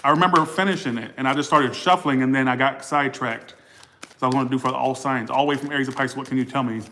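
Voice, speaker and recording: A man talks his way through a tarot reading in a loose, rambling way. He curses freely, stops to correct himself and drifts off track. His pitch sits right in the middle for a man. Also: steady tone, fast, bright, forceful tone, a little hiss or hum. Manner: blunt, profane, rambling and self-interrupting. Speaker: tarot reader.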